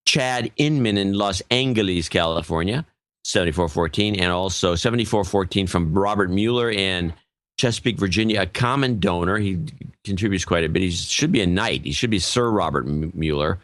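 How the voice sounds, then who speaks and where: Brief: very low male podcast co-host, offhand name-reading, dry close sound. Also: fairly quick, fairly bright tone, no echo. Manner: offhand, stumbles over names. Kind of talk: casual chat, reading donor names.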